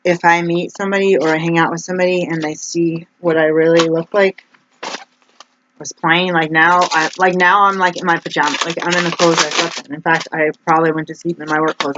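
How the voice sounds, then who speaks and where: A woman rambles casually to her viewers, sliding from one thought into the next and padding her sentences with "like." The recording sounds dull and lo-fi, with a faint hiss underneath. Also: deep voice. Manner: chatty, meandering, heavy use of "like". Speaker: vlogger.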